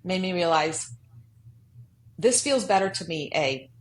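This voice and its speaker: A woman's voice: fairly low pitch, expressive, a little slow, rough recording. A woman guest on a podcast, telling a personal story earnestly and emphatically, acting out the voices in her head. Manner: earnest, emphatic, acts out quoted inner voices. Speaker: guest author. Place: podcast studio.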